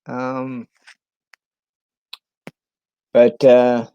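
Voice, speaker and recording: Man, casual stream chat, gravelly voice, dry close sound, halting with ums. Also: mid-range voice, completely flat delivery, no room sound, dull audio. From New England. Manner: halting, many ums and restarts.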